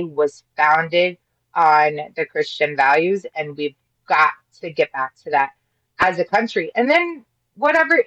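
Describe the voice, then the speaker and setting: A woman's voice: fairly low pitch, fairly bright tone, dry recording, lo-fi sound. A woman from Ohio, a guest on a podcast, speaking earnestly and rambling, with frequent restarts. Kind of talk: casual interview chat.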